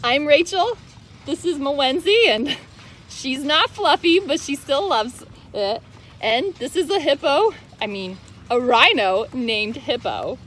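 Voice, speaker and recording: A high-voiced woman reads a picture book aloud, her pitch swooping up and down as she goes. She reads slowly and warmly and coos to her pets between pages, with a faint background hiss. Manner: animated, sing-song, coos to her pets. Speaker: host reading a picture book. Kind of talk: storybook read-aloud.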